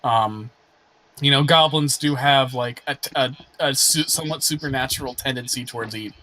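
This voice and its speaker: Bright-voiced man running a tabletop game. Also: medium pitch, moderate pace, poor audio. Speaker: game master. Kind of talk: casual post-session chat.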